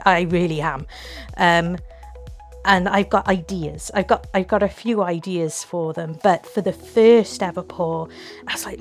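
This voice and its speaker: A woman with an excitable, gushing manner, chatting casually through a resin craft tutorial at home. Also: on the low side.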